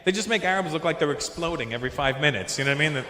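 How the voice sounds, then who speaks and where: Stand-up comic in a roomy hall. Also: male voice, a little high, animated, racing, bright, forceful tone. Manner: chats with the crowd, jumps into silly put-on voices. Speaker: stand-up comedian. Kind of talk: stand-up routine. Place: large comedy venue with a live audience. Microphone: handheld stage mic. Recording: roomy hall, long reverb.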